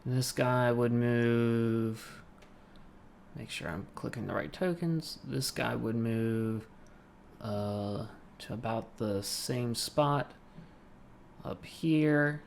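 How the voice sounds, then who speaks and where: A man with a Southern American accent runs a tabletop game over an online session. His voice sits mid-pitch, and he murmurs quietly while he works the map, then perks up when he talks to the players. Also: vocal fry, a little hiss or hum. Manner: relaxed, muttering to himself while moving tokens. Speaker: game master.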